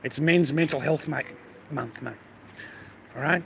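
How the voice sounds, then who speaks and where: A man's voice: fairly high pitch, unhurried, vocal fry, fairly bright tone, a little hiss or hum, low-quality recording. Blunt, profane Australian man outdoors. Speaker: livestream host. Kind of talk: unscripted livestream rant.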